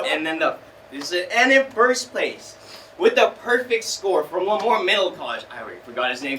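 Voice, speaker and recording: Animated young man telling a stage story. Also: fairly high pitch, moderate pace, background noise. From California. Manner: animated, self-mocking, acting out quotes. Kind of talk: live story slam storytelling. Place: small theater stage. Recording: roomy theater sound from a distance.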